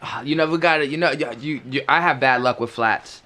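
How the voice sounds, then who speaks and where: A young man from Queens spins wild car stories in a loose, profane podcast chat. His voice sits a bit high, and he acts out the sounds as he goes. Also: a little fast, sharp tone. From Queens, New York. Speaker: podcast co-host. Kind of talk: casual storytelling chat.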